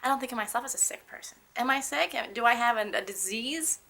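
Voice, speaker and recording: A woman's voice: a little high, animated, fast talker, gravelly, sharp tone. A young woman speaking candidly about living with a painful illness, earnest and emphatic, often restarting her sentences. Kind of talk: candid personal testimony.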